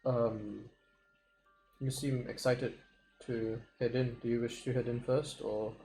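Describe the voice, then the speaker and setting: Male player, mellow voice, courteous and a little halting. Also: mid-range voice, level tone, soft background music, poor audio. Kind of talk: tabletop role-play.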